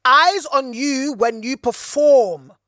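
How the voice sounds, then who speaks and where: A woman co-hosting a podcast, talking in an emphatic, excitable, preachy way. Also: high voice, slow, dry recording, studio quality. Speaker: podcast co-host. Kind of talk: casual chat.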